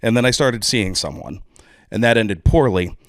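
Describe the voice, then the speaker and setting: A man's voice: on the low side, expressive, normal speed, no echo, clean studio sound. A man with a Texan accent, a drummer guesting on a podcast, talking candidly and rambling with lots of swearing and restarts. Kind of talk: casual conversation.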